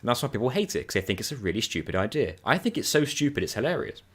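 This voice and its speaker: A man's voice: mid-range voice, big pitch swings, racing, fairly bright tone, husky. A man chatting casually while playing a co-op video game, telling stories animatedly and laughing often. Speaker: co-op gaming channel host.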